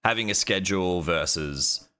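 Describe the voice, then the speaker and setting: A man hosting a casual streamer interview, talking in a halting way with many restarts. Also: deep voice, pushed and bright, clean tone.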